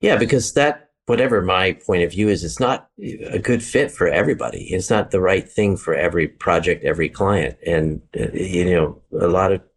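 A man's voice: deep voice, normal speed, hardly any pauses. A man, an architect, talking in a panel discussion, thoughtful and hesitant, with restarts.

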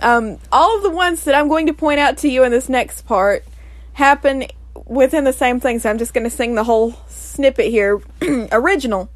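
A woman's voice: high-pitched, moderate pace, dry recording. A woman hosting a casual solo podcast, playful and jokey, often breaking into giggles. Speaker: podcast host.

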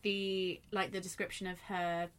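A woman's voice: fairly low pitch, little pitch movement, measured pace, slight background noise. A young adult woman in a casual book club chat, enthusiastic and often laughing.

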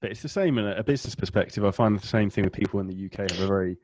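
A man's voice: fairly low pitch, rapid-fire, a little mellow, no echo. A man hosting a casual interview and asking open, conversational questions. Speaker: podcast host.

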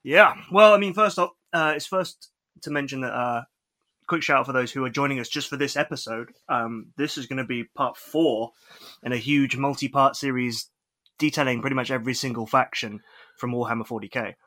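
Bright-voiced man co-hosting a podcast. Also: medium pitch, fairly quick. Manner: chatty, with frequent fillers and restarts. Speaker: podcast co-host. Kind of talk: casual podcast chat.

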